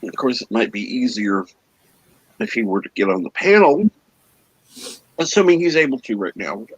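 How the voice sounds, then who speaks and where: A man's voice: medium pitch, lively intonation, moderate pace, breathy edge, dry recording. A man hosting a casual panel chat, teasing the others dryly. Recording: dull, dry lo-fi line.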